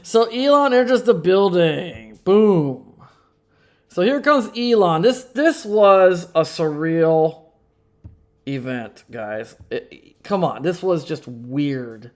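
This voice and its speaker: A man's voice: sits high, animated, takes it slowly. A man hosting a casual live stream, rambling with sarcastic asides and frequent chuckles. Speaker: livestream host.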